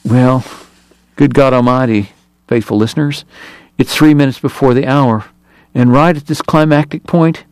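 A man hosting a radio book reading, narrating in a measured, expressive way. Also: medium pitch, no echo. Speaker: radio book reader and host. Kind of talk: dramatic audiobook reading on radio.

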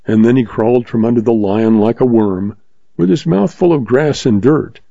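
A man narrating a story in a steady audiobook reading. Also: fairly low pitch, creaky, breathy edge, dry recording. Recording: slightly dull, dry recording.

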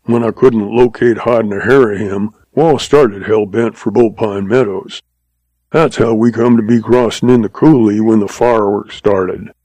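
A man's voice: fairly low pitch, fairly even intonation, unhurried, warm tone, no echo. A man voicing a blustering old frontier man who talks in folksy, drawling exclamations.

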